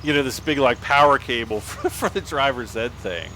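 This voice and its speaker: A man's voice: medium pitch, moderate pace, sharp tone, a little hiss or hum. A man on a livestream telling a long personal story in a casual, rambling way, full of restarts and "like".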